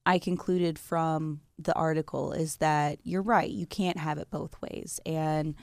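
A woman co-hosting a casual talk show, chatty and emphatic, quick to agree. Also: low voice, steady tone, vocal fry, a little mellow, dry recording. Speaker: co-host. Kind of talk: casual chat.

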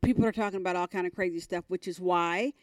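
A middle-aged woman speaks as a podcast guest, candid and emphatic, her voice surging upward when she relives a story. Her voice sits low for a woman. The sound is dry and close. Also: quick pace, dry recording. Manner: emphatic, animated, voice climbs high when retelling. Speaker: sports team executive, podcast guest.

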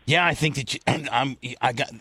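A man's voice: mid-range voice, moderate pace, bright, forceful tone, slightly rough. A man hosting a radio show, telling long crude stories in casual studio banter. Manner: profane, rambling storyteller. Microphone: studio microphone.

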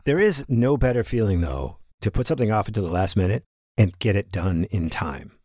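A man's voice: on the low side, animated, brisk, dark tone, dry recording, clean studio sound. A man co-hosting a casual podcast chat, making wry, playful quips. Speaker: podcast co-host.

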